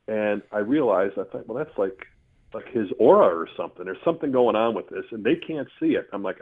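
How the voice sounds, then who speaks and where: A man telling a personal story in a casual, earthy, animated way, with mild swearing. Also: fairly low pitch, quick pace, slightly rough. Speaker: storyteller guest. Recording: tinny phone-line sound.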